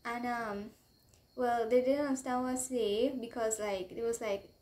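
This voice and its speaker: High-voiced Trinidadian young woman vlogging. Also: normal speed. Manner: chatty, rambling, excitable, drifting into local dialect. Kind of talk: casual storytime chat to camera.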